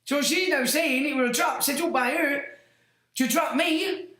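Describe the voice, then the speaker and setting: A man's voice: extremely high pitch, a little slow, bright, forceful tone. A man hosting a livestream, telling a story in a casual, mocking, swearing way, laughing often. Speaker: livestream host. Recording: roomy echo.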